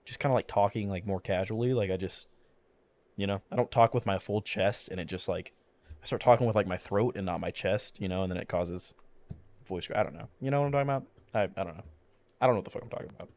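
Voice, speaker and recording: A man's voice: on the low side, fast talker, darkish tone. A man streaming a video game, chatting casually and rambling with lots of swearing and fillers, his voice cracking now and then. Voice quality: occasional voice cracks. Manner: mumbles. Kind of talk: casual gameplay commentary.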